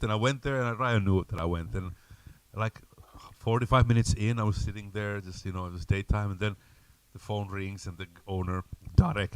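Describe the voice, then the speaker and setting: A man's voice: fairly low pitch, clean tone, no room sound. A man co-hosting a casual music chat, telling an anecdote with animation. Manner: animated storyteller. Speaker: co-host.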